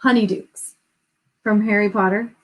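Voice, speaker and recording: A woman co-hosting a live stream, chatting casually and gushing with excitement as she unboxes gifts, laughing often. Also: medium pitch, normal speed, poor audio.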